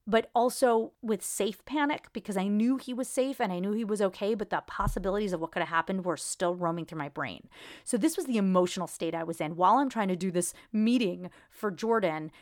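Emotional mom telling a story, low voice. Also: female voice, dry recording, studio quality. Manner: emotional, rambling, retelling events. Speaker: podcast host. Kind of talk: personal storytelling.

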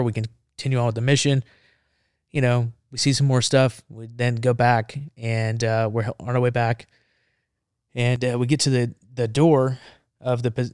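A man and podcast guest telling a war story in an animated way, acting out dialogue, on a close podcast mic. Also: medium pitch, smooth, no room sound.

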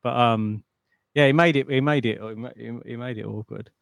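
Man, gravelly voice, rambling casual storyteller, dry close sound. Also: medium pitch, a little fast, no echo. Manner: rambling storyteller, many restarts and "I was like". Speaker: podcast co-host. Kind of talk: casual chat.

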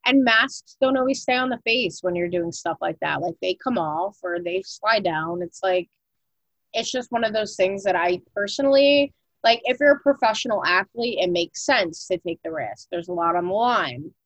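A woman's voice: medium pitch, animated, moderate pace, no room sound, rough recording. A young woman co-hosting a podcast in casual chat, talking loosely with lots of "like" fillers and casual swearing. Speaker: podcast co-host.

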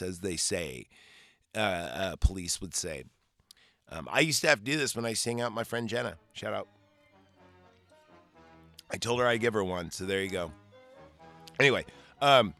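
A man's voice: lowish voice, fairly bright tone. A man hosting a podcast, casually recapping a film in a rambling, profane way with lots of fillers and restarts. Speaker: podcast host.

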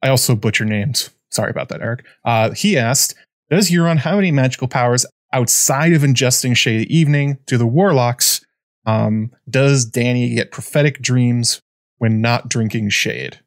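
A man hosting a podcast, chatting casually in a rambling, halting way full of fillers and restarts. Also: mid-range voice, no echo, studio quality. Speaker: podcast host. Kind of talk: casual chat.

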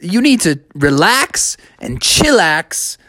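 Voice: mid-range voice, big pitch swings, slow pace, bright, forceful tone, no echo, studio quality, voice pushed up, exaggerated voice. A storyteller voicing a fussy, strict male schoolteacher who scolds in a wordy way. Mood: scolding. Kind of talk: storytelling for children.

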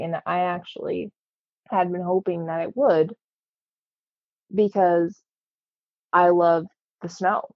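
A woman with a lowish voice tells a personal story in casual, halting speech, full of fillers. She sounds earnest throughout. The recording is dry and a little dull. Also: dry recording.

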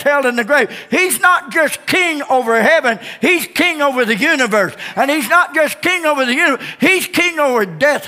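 Fervent high-voiced preacher man in reverb. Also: sharp tone. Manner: fervent preaching with repeated refrains and call-and-response. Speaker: pastor. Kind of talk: sermon. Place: church sanctuary. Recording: long church reverb.

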